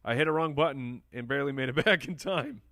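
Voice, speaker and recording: Gravelly-voiced man chatting on a live stream. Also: mid-range voice, quick pace, pushed and bright, dry recording, clean studio sound. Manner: chatty, answers viewer questions while drafting. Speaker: fantasy football podcast host. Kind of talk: live-stream casual commentary and chat.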